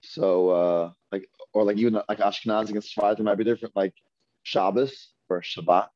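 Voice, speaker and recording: A man teaching a Hebrew reading class, patiently repeating words slowly and asking his students questions. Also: on the low side, fairly even intonation, mellow. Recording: dull lo-fi dry recording.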